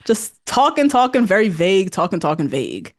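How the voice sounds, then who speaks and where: Animated, slangy woman podcast host. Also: medium pitch, fairly quick. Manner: animated, slangy, acts out quotes. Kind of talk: casual recap chat.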